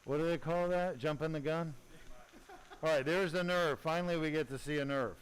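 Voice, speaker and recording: A man's voice: on the high side, moderate pace, a little hiss or hum, low-quality recording. A middle-aged man, a spine surgeon, giving live commentary during surgery, blunt and opinionated with jokey asides to the audience.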